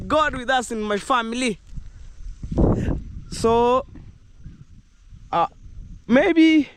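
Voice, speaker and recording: A young Kenyan man with a high, smooth voice and a Kenyan accent vlogs while walking outdoors through the countryside. Talking casually to camera, he rambles upbeat to his viewers, sprinkling in bits of Jamaican slang.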